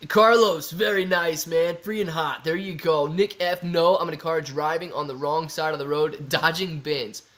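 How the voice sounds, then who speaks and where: Young man, livestream host, casual and jokey, reading chat aloud, a bit high-pitched. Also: steady tone, normal speed, hardly any pauses, a bit bright. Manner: jokey, reads viewer comments aloud.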